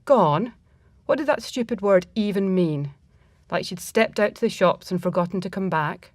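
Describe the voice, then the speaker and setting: A woman reading a first-person story aloud in a reflective, measured manner. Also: mid-range voice, expressive, dry recording, studio quality.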